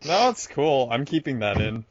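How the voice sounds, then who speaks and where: Brief: podcast host, a man with a mid-pitched voice, joking and crude, dull lo-fi recording. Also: sing-song, normal speed. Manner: teasing, swears freely. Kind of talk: casual chat. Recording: dull lo-fi audio.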